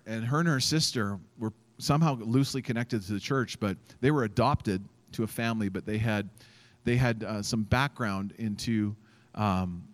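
Guy pastor telling a story in his sermon, super animated, lots of "like"s, does voices for the quotes. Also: on the low side. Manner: animated, acts out quotes, many fillers. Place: church event stage.

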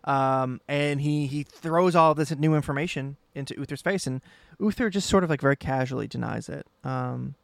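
A man co-hosting a podcast, recapping a TV episode in casual chat, joking, laughing often and pausing with many ums. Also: a little high, vocal fry, dry recording. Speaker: podcast co-host.

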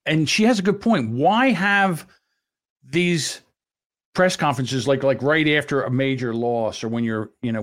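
A man hosting a podcast in casual chat, rambling and blunt, swearing freely. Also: medium pitch. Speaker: podcast host.

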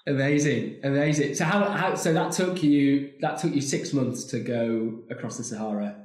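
A man's voice: mid-range voice, moderate pace, darkish tone, reverberant. A male interviewer reacting briefly and asking short follow-up questions.

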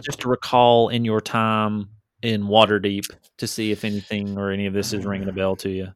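A man's voice: lowish voice, flat delivery, brisk, no echo, studio quality. A man running a tabletop game as game master, talking casually with many restarts and fillers. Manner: casual, hesitant, repeats words.

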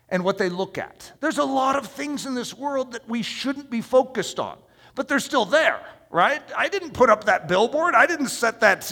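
A man delivers a sermon with a high, gravelly, bright voice that swings widely in pitch. He preaches in an emphatic, conversational way and asks his listeners questions. The long reverb of a large hall trails after his words.

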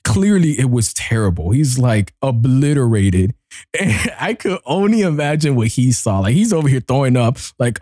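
Slangy, animated male podcast host. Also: fairly quick, no echo, clean studio sound. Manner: animated, laughing, jumps into high excited voices when acting out himself; slangy and loose. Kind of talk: casual solo podcast storytelling. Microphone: desk mic he bumps.

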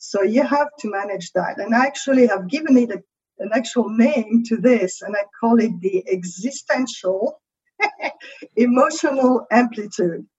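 A woman's voice: fairly high pitch, normal speed, a little mellow, husky, highs cut off. A woman with a French accent, a creativity coach, explaining ideas in a conversational interview and often checking in with "right?".

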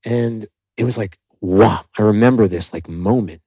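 A man's voice: fairly low pitch, normal speed, slightly rough, no echo, rough recording. A young adult man from South Florida, a podcast guest telling his story candidly and animatedly, with many "like" fillers. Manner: animated, acts out quoted dialogue, frequent "like" fillers.

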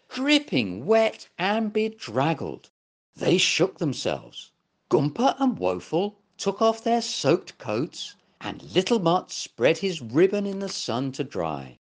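An older man reading a children's story aloud as host, very expressive. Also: fairly high pitch, slow. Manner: warm, very expressive read-aloud delivery.

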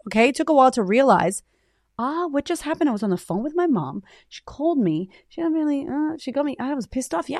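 A woman in her thirties, a podcast host and coach, giving a candid, high-energy motivational talk full of swearing. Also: dry recording, clean studio sound.

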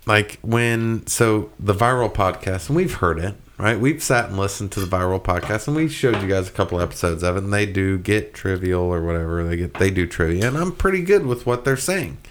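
Man, low voice, rambling and sweary, casual podcast chat over beers. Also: brisk, few pauses. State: drinking. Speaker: podcast co-host.

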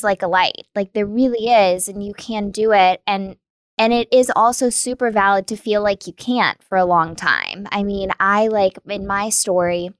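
A woman hosting a conversational podcast, warm and affirming toward her guest. Her voice sits at a middle pitch and is recorded dry and close, with no room sound. She talks casually and drops "like" often. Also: no room sound. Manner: encouraging, affirming, peppered with "like". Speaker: podcast host. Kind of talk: conversational interview.

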